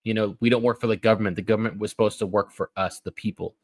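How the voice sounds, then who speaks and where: Laid-back young dad, fairly low voice, dry sound. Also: male voice, steady tone, very fast, darkish tone, dry recording, poor audio. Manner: laid-back, says dude and bro. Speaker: podcast co-host. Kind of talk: casual chat, reading news.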